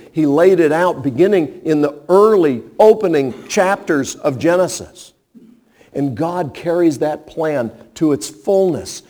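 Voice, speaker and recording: A male pastor delivers a sermon with a high-pitched voice. He is emphatic and talks straight to his listeners, leaning on rhetorical questions. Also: a little mellow.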